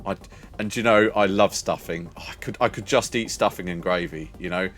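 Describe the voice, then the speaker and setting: An older man chatting away to his viewers in a lowish voice, rambling from one thought to the next and laughing along the way. Faint music plays quietly behind him. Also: fairly quick. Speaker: streamer. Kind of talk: casual chat with viewers.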